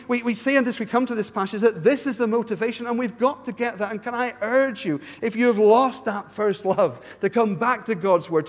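A man delivers a sermon in a high voice, pleading earnestly and stumbling over his words as he restarts them. His voice carries a long reverb from the church around him. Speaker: preacher. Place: church hall.

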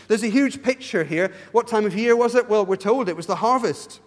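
High-voiced preacher in a reverberant church. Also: male voice, expressive, a little fast, hardly any pauses. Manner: earnest pleading, frequent restarts and stumbles. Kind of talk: sermon. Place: church hall.

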